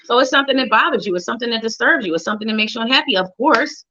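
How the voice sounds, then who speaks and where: A woman's voice: fairly high pitch, lively intonation, racing, bright, forceful tone. A woman giving tarot readings on a live show, chatty and playful, talking straight to viewers by name and humming little tunes. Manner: hums and sings little tunes while shuffling. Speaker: psychic reader on a live show. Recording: dull lo-fi livestream audio.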